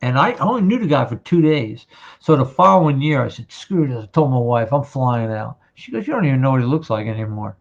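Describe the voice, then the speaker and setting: Gravelly storytelling man, lo-fi sound. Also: mid-range voice, very animated, a little fast. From New Jersey. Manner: storytelling, acts out quotes of others. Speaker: podcast host. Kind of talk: casual chat. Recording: dull lo-fi sound.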